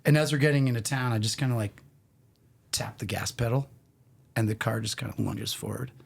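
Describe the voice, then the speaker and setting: A middle-aged man, a podcast guest, telling casual stories in an animated, rambling way full of restarts. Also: medium pitch, brisk, creaky, slight background noise. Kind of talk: casual storytelling.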